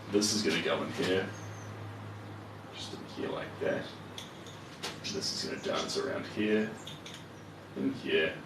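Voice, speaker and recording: A low-voiced man talks slowly and casually as he paints live, half muttering to himself between greetings to viewers. His voice sits back from the microphone in an echoey room. A faint ambient hum runs underneath. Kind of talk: casual live-stream chat while painting. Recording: roomy echo, voice far from the mic, faint ambience.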